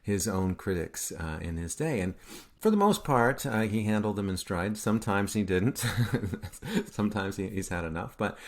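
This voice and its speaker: A man lecturing on art history in a recorded class, halting, with many fillers and self-corrections, often checking in with "right?". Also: fairly low pitch, lively intonation.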